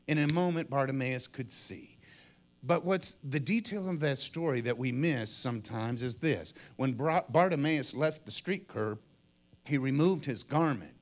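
During a sermon, a middle-aged man relates a story with real drama, voicing its people and their shouts himself. His voice is a little high and animated, and he takes his time.

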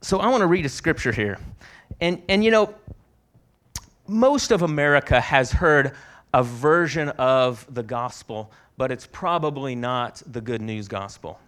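A man's voice: medium pitch, lively intonation, unhurried, a bit bright. A man preaching a sermon at a conference, telling stories in a conversational way, with frequent restarts. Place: conference hall.

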